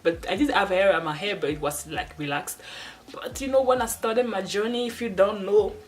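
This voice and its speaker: With a camera off to the side, a woman sits at home against a wall and rambles casually about hair care, often restarting and laughing a little. She speaks in a mid-range voice at a moderate pace, but the audio is poor.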